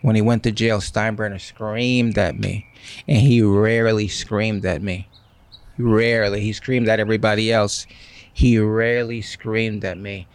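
A man in his sixties, a guest in an interview, telling stories in an animated way and acting out what others said. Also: lowish voice, unhurried, smooth, no room sound. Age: 60s. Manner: animated, acts out quoted speech. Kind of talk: storytelling in an interview.

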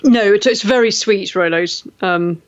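A woman's voice: mid-range voice, a little slow. A woman from England co-hosting a casual radio chat, teasing and chatty. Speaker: radio show co-host. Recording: dull lo-fi sound.

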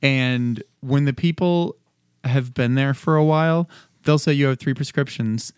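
A man's voice: medium pitch, a little slow, darkish tone, clean tone, dry recording, clean studio sound. A man in casual podcast chat, telling an anecdote in an easygoing, unbothered way.

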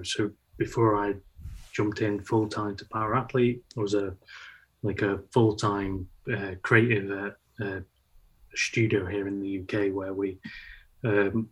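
A man co-hosting a podcast, explaining things in casual chat with halting run-on sentences and many fillers. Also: fairly low pitch, breathy edge, low-quality recording. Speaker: podcast co-host and brand creative.

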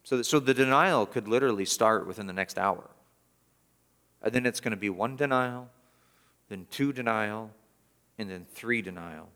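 A middle-aged man preaching a sermon as pastor, emphatic, rising to intense peaks and dropping to quiet asides. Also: fairly low pitch, normal speed, long pauses. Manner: emphatic, building to raised intensity and dropping soft.

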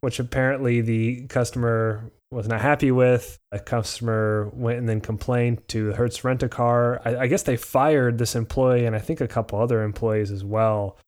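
A man's voice: mid-range voice, darkish tone. A man co-hosting a podcast in casual chat, explaining a legal case in a rambling way and correcting himself as he goes. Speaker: podcast co-host.

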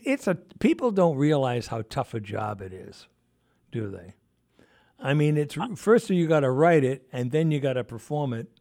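A man's voice: mid-range voice, a little mellow. A man hosting a radio interview, asking conversational questions with plenty of fillers. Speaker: radio host. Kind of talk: casual interview.

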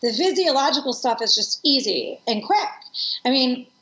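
A woman's voice: high-pitched, animated, moderate pace, fairly bright tone. A middle-aged woman speaking as an interview guest, reflective and earnest as she tells personal stories. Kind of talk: conversational interview. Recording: echoey room, dull lo-fi sound.

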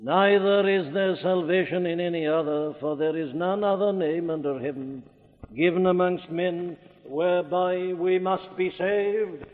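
A man with a Welsh accent preaching a sermon fervently, rising at times to loud declamation. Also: sits high, measured pace, in a large hall, phone-quality sound.

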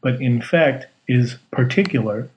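A man's voice: mid-range voice, measured pace, low-quality recording. A man co-hosting a casual podcast, laid-back and jokey, explaining rules at length. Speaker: podcast co-host.

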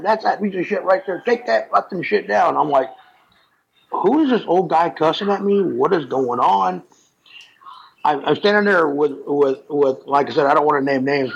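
A man co-hosting a podcast, rambling through funny stories with laughs and stammered restarts. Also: fairly high pitch. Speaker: podcast co-host, comic artist. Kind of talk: casual storytelling chat. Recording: dull lo-fi sound with faint noise.

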